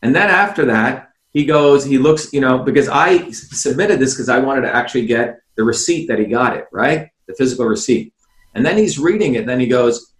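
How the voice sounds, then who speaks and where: A man's voice: medium pitch, lively intonation, a little fast, reverberant. A man guest on a video call, explaining insistently, asking rhetorical questions and addressing the host by name. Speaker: interview guest, former candidate.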